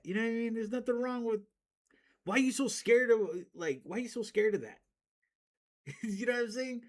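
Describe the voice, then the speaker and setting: A man's voice: very high voice, a little fast, pauses often. A man streamer ranting casually to his chat, profane and rambling, often laughing at himself.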